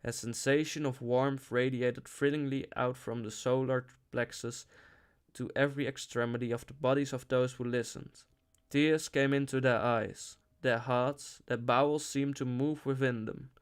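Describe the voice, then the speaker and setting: A man reading a novel aloud in an expressive, dramatic style, lingering on phrases. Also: mid-range voice, unhurried, clean tone. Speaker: audiobook reader.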